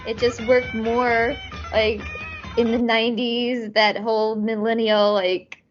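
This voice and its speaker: A woman's voice: a little high, little pitch movement, slow, faint music behind. A woman guest chatting casually on a podcast, rambling with lots of fillers and frequent laughs. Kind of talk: casual chat. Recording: dull lo-fi audio.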